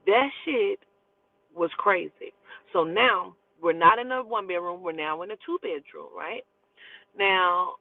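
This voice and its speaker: A woman telling a personal story in a casual, profane, animated way and acting out the quotes. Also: on the low side, no echo. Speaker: storyteller host. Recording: tinny phone-like line, dry.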